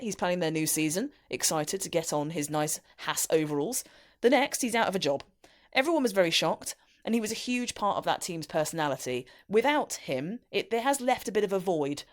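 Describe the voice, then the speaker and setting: Playful, lively-voiced woman podcast co-host. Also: medium pitch. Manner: playful, giggly, teasing. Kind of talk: casual podcast chat.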